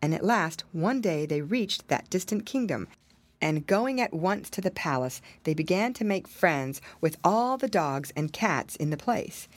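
A woman reading a fairy tale aloud in an expressive, measured storybook style. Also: deep voice, no echo. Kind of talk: storybook narration.

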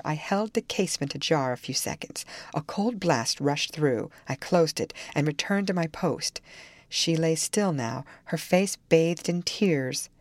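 Woman narrator, lowish voice, measured calm reading, classic novel audiobook, dry close recording. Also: no room sound.

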